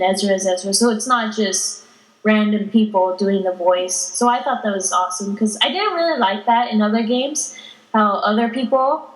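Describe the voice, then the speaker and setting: A teenage girl chatting casually as a podcast guest, giggling and telling animated stories. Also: medium pitch. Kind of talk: casual chat. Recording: echoey room.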